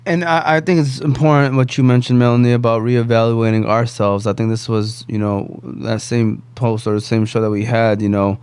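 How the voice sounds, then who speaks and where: A man's voice: mid-range voice, level tone, moderate pace, hardly any pauses, darkish tone, clear, resonant tone, no room sound, clean studio sound. A man hosting a podcast, talking reflectively in a casual chat with many restarts. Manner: reflective, talks in restarts and "you know". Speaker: podcast host.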